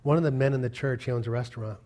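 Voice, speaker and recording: Speaking very fast at medium pitch, a middle-aged man delivers a sermon as pastor. He tells animated stories and voices the people in them.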